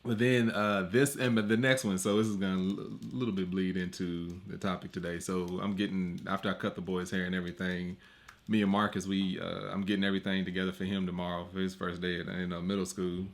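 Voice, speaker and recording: A man in his thirties, a podcast co-host, chatting casually and telling stories about his kids, acting out their lines in raised voices. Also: a little fast. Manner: animated storyteller, acts out quotes in high voices. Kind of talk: casual chat.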